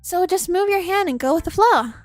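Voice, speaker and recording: A woman's voice: very high-pitched, lively intonation, a little fast, faint music behind, pitched above the performer's own voice. A woman reading as a chipper teen club president. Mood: encouraging. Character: upbeat teen girl club president giving writing advice.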